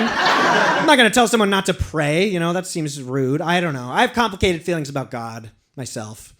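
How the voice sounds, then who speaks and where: Male stand-up, high and bouncy pitch, rambling and self-deprecating, loud noise under the set. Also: lively intonation, brisk. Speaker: stand-up comedian. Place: small apartment with a live audience. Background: audience laughter.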